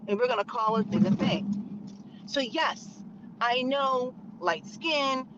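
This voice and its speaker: A woman's voice: high voice, takes it slowly. Outspoken woman talking from her car. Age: adult, married. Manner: outspoken, emphatic, conversational. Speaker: channel host. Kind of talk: opinionated commentary vlog. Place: in a car on a back road. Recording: muffled car recording with road noise.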